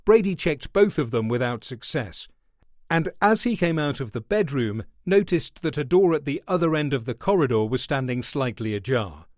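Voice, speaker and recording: Reading from a thriller, this audiobook narrator is a man with a medium-pitched voice and a steady, measured delivery. The scripted narration is recorded dry, with clean studio sound.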